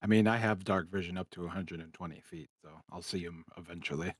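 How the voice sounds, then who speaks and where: A man's voice: deep voice, fairly even intonation, fast, no echo, clean studio sound. A man casually playing a tabletop game, swearing now and then. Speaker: player.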